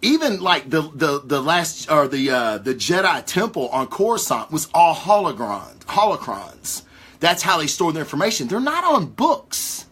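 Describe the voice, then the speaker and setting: Excitable, profane man rambling theories. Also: a little high, moderate pace, slightly rough. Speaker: podcast host. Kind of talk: casual theory talk to a live chat.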